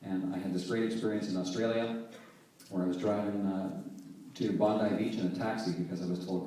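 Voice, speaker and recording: A man from Halifax, Canada, a singer-songwriter telling a story between songs in a relaxed, conversational way. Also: low-pitched, fast. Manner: relaxed, conversational, softly spoken. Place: theater stage. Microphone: distant camera mic in the audience. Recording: echoey theater, distant camera mic.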